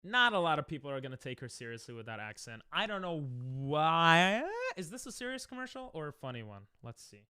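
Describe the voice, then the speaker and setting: Animated, bright-voiced male streamer, casual and jokey. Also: mid-range voice, quick pace, few pauses, clean tone, no room sound. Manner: joking, laughs often, talks to chat. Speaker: streamer reacting to ads. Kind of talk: casual chat with live chat.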